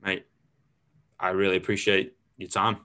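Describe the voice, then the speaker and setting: A man's voice: low voice, normal speed. A young man hosting a casual podcast chat, telling stories with lots of swearing. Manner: swearing, storytelling, animated. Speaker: host.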